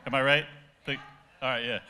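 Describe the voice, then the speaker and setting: A man's voice: mid-range voice, fairly even intonation, brisk, sharp tone, smooth. A man judging a comedy rant contest, blunt and profane, laughing as he talks. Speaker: judge. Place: outdoor festival stage.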